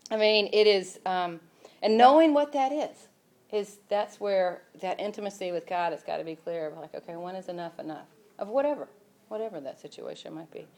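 A woman's voice: mid-range voice, normal speed, a little mellow. A woman giving an informal sermon in a conversational way, with many fillers, building to emphatic passages. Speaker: church speaker.

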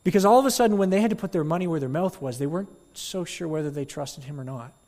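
A male pastor delivers a sermon in a fairly high voice, telling a story with lively energy and slipping into the voices of the crowd. His voice carries a long reverb, as if he is speaking in a church hall. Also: quick pace.

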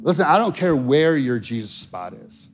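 A man's voice: mid-range voice, very animated, moderate pace, faint music behind. A male pastor preaching a sermon in an earnest, conversational way.

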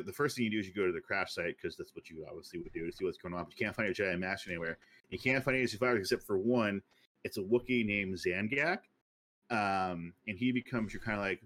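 A man's voice: fairly low pitch, fairly bright tone. A man co-hosting a podcast who talks in a casual, rambling way, with many fillers and restarts. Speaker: podcast co-host. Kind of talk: casual chat.

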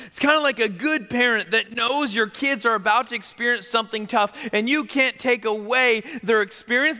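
A man preaching a sermon as pastor, talking conversationally and sinking to a hushed near-whisper for emphasis. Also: extremely high pitch, in a large hall.

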